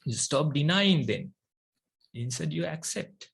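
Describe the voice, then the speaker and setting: Monk, Sri Lankan accent, Sinhala native; slow, gravelly, measured meditation teacher. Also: male voice, on the high side, lively intonation, a bit bright. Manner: slow, measured delivery with long pauses. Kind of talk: meditation talk.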